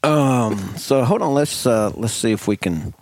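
A man's voice: medium pitch, lively intonation, a little slow, no room sound. A man hosting a casual group podcast, joking and laughing often with rambling restarts. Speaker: podcast host.

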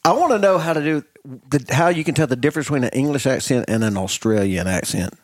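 A man's voice: mid-range voice, animated, fast, no room sound, studio quality. A man with a Southern US accent hosting a podcast, chatty and joking, often cutting in on others. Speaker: podcast host. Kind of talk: casual chat.

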